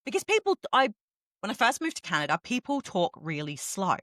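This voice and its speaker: Animated fast-talking middle-aged woman. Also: medium pitch, no echo. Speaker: podcast co-host. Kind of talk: casual chat.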